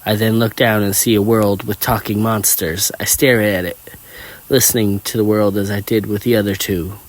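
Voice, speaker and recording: A man narrating a first-person story in a plain, steady reading voice. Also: lowish voice, normal speed.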